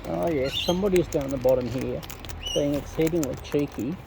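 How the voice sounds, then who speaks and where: A man's voice: a little high, fairly quick, gravelly. A man with an Australian accent, talking to wild birds outdoors in a teasing, affectionate way. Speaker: bird feeder filming wild birds. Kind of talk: casual talk to birds. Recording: noisy outdoor recording.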